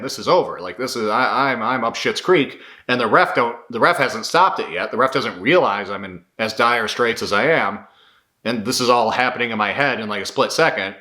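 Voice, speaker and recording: A man's voice: medium pitch, bright, forceful tone. Candid, profane man in an echoey room. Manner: candid, profane, rambling with restarts. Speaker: MMA commentator and former fighter. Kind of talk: casual commentary monologue.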